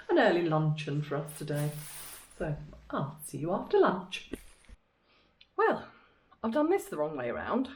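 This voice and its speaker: A woman's voice: on the high side, a little hiss or hum. Chatty woman vlogging, laughs often. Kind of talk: casual vlog chat. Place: outdoors by a canal, then indoors at a house.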